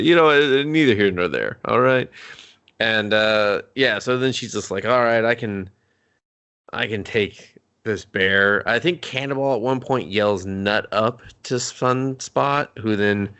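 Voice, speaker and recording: A man from Canada co-hosting a casual movie review chat, sarcastic and profane, slipping into quick mock voices for the characters. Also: on the low side, creaky, a bit bright, clear, resonant tone. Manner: sarcastic, swearing, acts out characters in quick asides. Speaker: podcast co-host.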